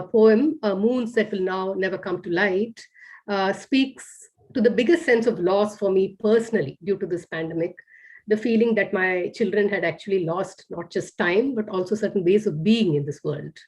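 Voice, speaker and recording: Breathy woman reading her poetry slowly. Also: medium pitch, a little mellow. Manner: slow, measured reading of poems, hesitant fillers between. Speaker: poet reading her work. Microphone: video call.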